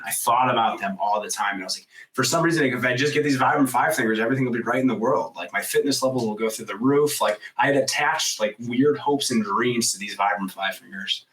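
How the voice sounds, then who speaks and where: A man's voice: mid-range voice, distant mic, rough recording. Guy in his 30s telling a wild story on a podcast, keeps saying like, swears a lot, sits a little back from the mic. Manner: animated storyteller, acts out quoted voices loudly; frequent "like" fillers, swears casually. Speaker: podcast guest. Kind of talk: storytelling in a casual interview.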